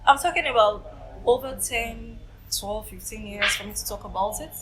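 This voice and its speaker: A woman's voice: a little high, moderate pace, background noise. A woman in her late twenties, recounting her own story as a TV interview guest and acting out what others said. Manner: animated storytelling, acting out quoted voices. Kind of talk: emotional personal testimony.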